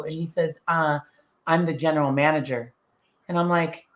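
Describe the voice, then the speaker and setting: A middle-aged woman, an interview guest, telling her story in a bold, lively way and acting out the dialogue. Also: low-pitched, moderate pace. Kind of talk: casual storytelling.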